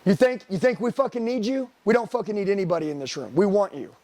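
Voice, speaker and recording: Pitched high but with a darkish tone, a middle-aged sales trainer talks fast through a motivational seminar. His style is blunt and hard-driving, laced with profanity and rhetorical questions thrown at the room.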